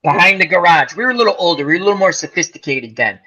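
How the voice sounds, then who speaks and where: Animated storytelling man on a lo-fi call. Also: high voice, rapid-fire, a crowd in the background. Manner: animated storyteller, acts out quotes, swears. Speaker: podcast co-host telling a story. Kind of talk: casual chat.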